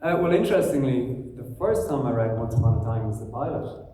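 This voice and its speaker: An Irish man speaks at a convention panel in a loose, laughing, filler-heavy way. His tone is dark and mellow. The sound is caught far off in a huge, echoey hall, with room hiss behind him. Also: medium pitch, lively intonation, a little fast. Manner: rambling, laughing, many fillers. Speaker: actor, panel guest. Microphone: stage mic, recorded on a phone in the audience.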